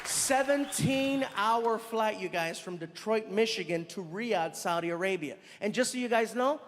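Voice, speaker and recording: High-voiced man doing stand-up. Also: moderate pace, a little hiss or hum. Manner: animated, acting out characters, addressing the crowd. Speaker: stand-up comedian. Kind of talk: stand-up comedy storytelling. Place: live comedy venue. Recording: live venue with long reverb, faint ambience.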